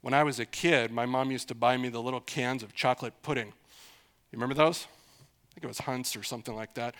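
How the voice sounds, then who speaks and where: A man's voice: mid-range voice, steady tone, fairly quick, fairly bright tone. A middle-aged man preaching an expository sermon in a conversational way, repeating phrases for emphasis and asking his listeners questions.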